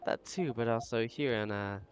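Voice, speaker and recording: A man's voice: mid-range voice, moderate pace, background noise, lightly acted. A man reading the lines of a friendly male barista in a visual novel, casual and kind, asking curious questions. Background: game music.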